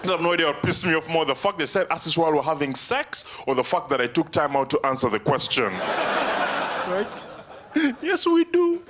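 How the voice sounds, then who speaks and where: A stand-up comedian from Africa, performing a live set and squeaking into high voices when he quotes women. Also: fast, hardly any pauses, a bit bright, slight background noise. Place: comedy club stage, crowd present. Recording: live club recording with crowd.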